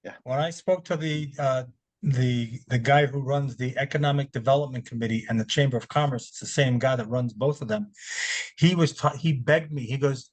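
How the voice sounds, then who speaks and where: A man's voice: mid-range voice, moderate pace, a little mellow. A man hosting a webinar over a video call, talking loosely and often repeating his words. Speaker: webinar host. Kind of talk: casual webinar chat.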